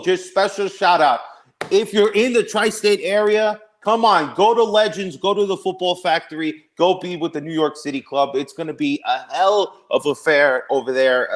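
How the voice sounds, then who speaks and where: A man on a casual group video chat, joking and animated as he gives shout-outs. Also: a little high. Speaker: podcast guest.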